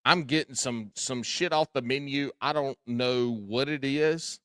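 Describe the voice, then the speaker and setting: A man's voice: mid-range voice, a little slow, clean tone, no echo. Southern-drawl man, dry close sound. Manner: animated, swears freely, storytelling. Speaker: podcast host. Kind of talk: casual chat.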